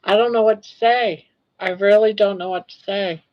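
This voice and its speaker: A woman's voice: mid-range voice, steady tone, normal speed, lo-fi sound. An older woman hosting a casual livestream, talking in an awed, emotional way and repeating herself. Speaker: livestream host.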